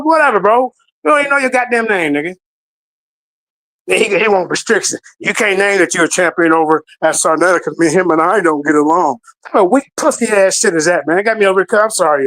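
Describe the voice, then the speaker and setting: Loud profane man ranting on a call. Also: sits high, low-quality recording. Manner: loud, profane, repeats himself. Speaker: guest on a live debate stream. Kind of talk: heated live-stream rant. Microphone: remote call.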